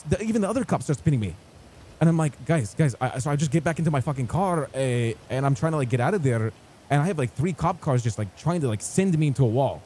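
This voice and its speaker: A man's voice: fairly high pitch, a little mellow, a little hiss or hum. A man telling a rambling, swearing story in character, acting out quotes as he goes. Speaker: roleplay gamer in character. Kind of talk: animated storytelling in game.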